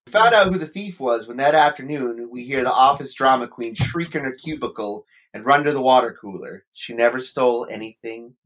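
A man's voice: mid-range voice, a little fast, hardly any pauses, fairly bright tone. A man co-hosting a casual podcast, reading a short office anecdote aloud. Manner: reads a short anecdote aloud, then teases others. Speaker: podcast co-host.

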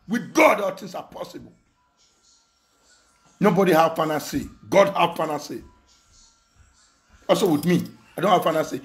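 A young Nigerian man speaking Nigerian Pidgin English, ranting angrily with insults, mocking laughter and repeated phrases. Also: a little high. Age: young adult. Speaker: online commentator. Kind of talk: angry rant.

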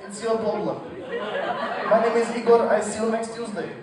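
A man's voice: high-pitched, fairly even intonation, moderate pace, recorded from a distance, over a noisy crowd, lightly acted. A man playing a threatening male Russian batsman with a put-on Russian accent and broken English, recorded live in an echoey venue. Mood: menacing. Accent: mock Russian.

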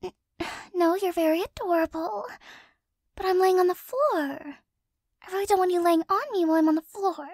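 A woman in a whispered role-play, talking softly and doting on a pet-like companion, often flustered, stammering and sighing, close to the microphone. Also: very high voice, normal speed, long pauses, no room sound. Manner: soft, flustered, doting, with frequent stammers and sighs. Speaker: ASMR creator.

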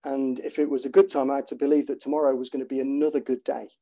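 A man's voice: medium pitch, level tone, quick pace, mellow. A man in his fifties, a former soldier, giving a talk and reading a chapter of his book aloud with dry, self-deprecating humour. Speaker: conference speaker, former soldier.

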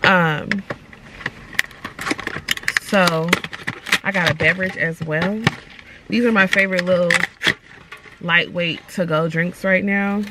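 A woman vlogger chatting casually to her viewers, upbeat and fast-talking, with slangy phrasing. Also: fairly low pitch, fairly even intonation, heavy background noise. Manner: upbeat, chatty, uses slang like "giving vibes". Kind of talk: casual vlog chat to camera.

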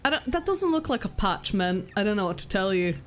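A woman's voice: medium pitch, big pitch swings, a little fast, a little hiss or hum. A young woman streaming a video game, chatting casually, giggling and breaking off her own sentences. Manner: chatty, giggly, self-interrupting. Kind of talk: casual gameplay commentary.

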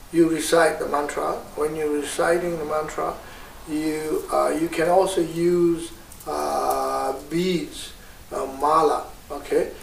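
Man, tibetan accent, meditation teacher, unhurried, gravelly, roomy sound from a distant mic. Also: fairly high pitch, slight background noise. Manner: slow, patient, many hesitations.

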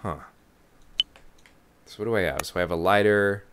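A man's voice: lowish voice, moderate pace, a bit bright, a little hiss or hum. A man giving casual let's-play commentary, thinking aloud as he explores. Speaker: let's player. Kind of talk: gaming commentary.

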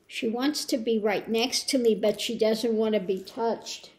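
Woman host, unhurried, slightly high voice, rambling and soft, coos to pets at home. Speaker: spiritual tarot channel host. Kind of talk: casual home update.

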